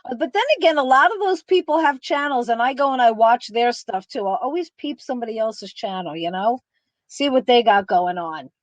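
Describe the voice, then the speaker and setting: A woman's voice: fairly high pitch, expressive, a little fast, no echo. A woman guest on a podcast, chatting in a jokey, teasing way and laughing often. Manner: jokey, laughs often, does comic voices. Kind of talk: casual chat. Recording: dull lo-fi sound.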